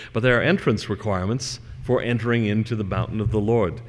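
Male scripture lecturer, lowish voice, measured reading with joking asides, long hall echo. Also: steady tone. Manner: reads scripture in measured tones, with chatty, humorous asides. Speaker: religious lecturer.

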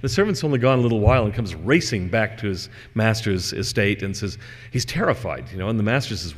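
A man giving a religious lecture, reading scripture slowly and adding chatty asides. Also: on the low side, lively intonation. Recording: reverberant lecture hall.

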